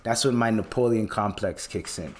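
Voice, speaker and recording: A man in his late twenties hosting a podcast, telling a story as a casual, profane rant. His voice leaps up high whenever he gets worked up. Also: moderate pace. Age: late 20s. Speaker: podcast host.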